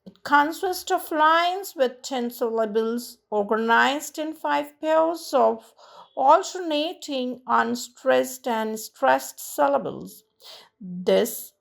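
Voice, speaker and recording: A woman teaching a literature lesson, reading slowly and deliberately and tapping out verse rhythms syllable by syllable. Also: fairly high pitch, creaky. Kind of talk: slow, read-aloud lesson.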